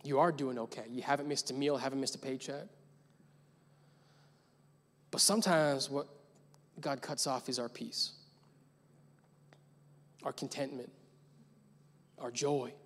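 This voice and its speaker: A man's voice: mid-range voice, steady tone, measured pace, long pauses. Man preaching in a reverberant hall. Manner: swings from loud urgent preaching to quiet reflective talk. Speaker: pastor. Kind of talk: sermon. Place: church sanctuary. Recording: long reverb of a large worship hall.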